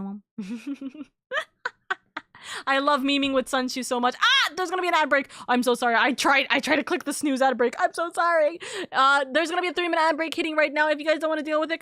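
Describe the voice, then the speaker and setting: A woman's voice: sits high, bright, forceful tone, no echo, studio quality. A young adult woman streaming a game, chatting casually in a bubbly, rambling way and correcting herself often. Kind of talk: casual live-stream chat.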